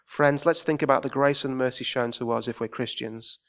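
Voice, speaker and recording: An English man preaching a sermon in a church, swinging between shouted rants and quiet pleading. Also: mid-range voice, fairly even intonation, brisk, dull audio. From England. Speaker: visiting preacher.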